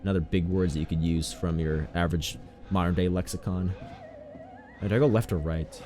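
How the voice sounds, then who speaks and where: A man's voice: low-pitched, steady tone, brisk, mellow, soft background music. A man streaming a horror game with casual, sarcastic commentary, joking and swearing freely.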